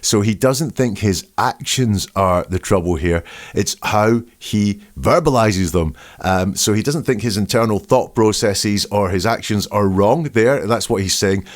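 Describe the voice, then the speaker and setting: Low-voiced man giving analytical commentary. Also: unhurried. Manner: emphatic, picks apart quoted phrases. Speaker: body language and speech analyst.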